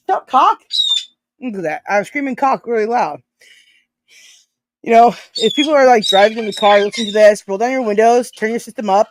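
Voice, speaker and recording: A woman's voice: mid-range voice, noisy background. A woman live streamer chatting casually and reading out chat messages, rambling, swearing freely and breaking into giggles often.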